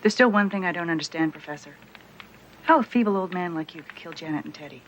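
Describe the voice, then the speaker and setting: An actress playing a sharp-minded female detective who reasons crisply and insistently, in a 1980s TV comedy. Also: on the low side, animated, quick pace, slight background noise, close to an everyday voice, poor audio.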